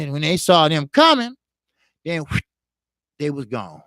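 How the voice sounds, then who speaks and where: A man's voice: on the high side, a little fast, fairly bright tone, dry recording, studio quality. Man rambling through a street story. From Chicago, USA. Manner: rambling, heavy on "you know" and profanity. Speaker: boxing channel host. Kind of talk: casual storytelling.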